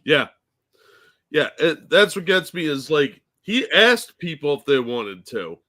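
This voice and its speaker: A man's voice: on the high side, very animated, measured pace, pushed and bright. A man co-hosting a casual podcast chat, making blunt, crude, sarcastic remarks. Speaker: co-host.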